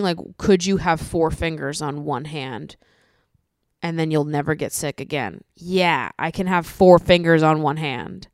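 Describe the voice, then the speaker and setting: A woman hosting a solo podcast, chatting casually with lots of swearing, laughter and animated ranting. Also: low voice, unhurried, no room sound, studio quality. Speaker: podcast host.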